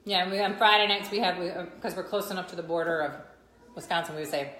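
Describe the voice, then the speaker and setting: A woman from northern Illinois with a Chicago-area accent, hosting a casual live-stream chat. She talks in an animated way and drifts into mock accents. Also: fairly low pitch, fast talker, a little hiss or hum. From northern Illinois, USA. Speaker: host. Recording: roomy echo.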